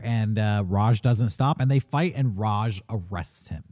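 Mellow-voiced man rambling through a movie plot. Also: mid-range voice, very animated, normal speed, few pauses. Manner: rambling, laughs and curses while retelling the plot. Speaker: podcast host. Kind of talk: casual movie review chat.

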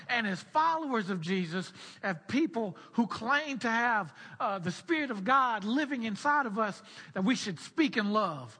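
A man preaching a sermon with a high, bright, tense voice and a husky, breathy edge. He walks through scripture verse by verse and repeats key phrases for emphasis. Long reverb hangs after his words, as in a large hall. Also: lively intonation, moderate pace, hardly any pauses. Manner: explains scripture in a teaching tone.

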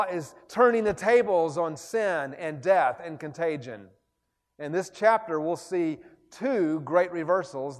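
Guy preaching in a chapel, kinda high voice, gets loud and fired up, big hall echo. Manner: impassioned, rising to loud exclamations. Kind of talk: sermon.

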